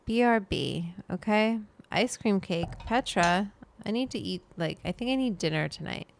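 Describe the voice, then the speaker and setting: Woman streamer, mid-range voice with some vocal fry, loose and rambling as she chats with her viewers. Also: medium pitch, moderate pace, slight background noise. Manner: rambling, talks to the chat and her pet. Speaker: livestream host. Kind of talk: casual livestream chat with viewers.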